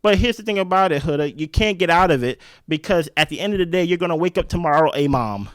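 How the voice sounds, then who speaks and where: A man hosting a casual reality show recap, talking in an animated, slangy way. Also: on the high side, fast, no echo, studio quality. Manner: animated, slangy, jumps into quoted voices.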